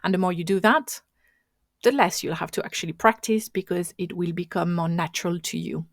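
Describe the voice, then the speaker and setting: A woman's voice: lowish voice, brisk, dry recording. Woman coaching in a dry, close voice. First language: not English. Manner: instructive, conversational, with frequent restarts. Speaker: podcast host and marketing coach. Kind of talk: solo coaching podcast talk.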